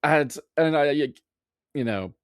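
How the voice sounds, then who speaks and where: A man hosting a casual interview, asking rambling, halting questions with many restarts. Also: a little high, animated, clear, resonant tone, no echo, clean studio sound. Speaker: podcast host.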